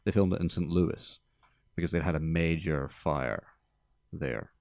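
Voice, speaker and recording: Male podcast host, low gravelly voice, dry deadpan delivery, dead studio sound. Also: unhurried, no echo. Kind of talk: casual podcast chat.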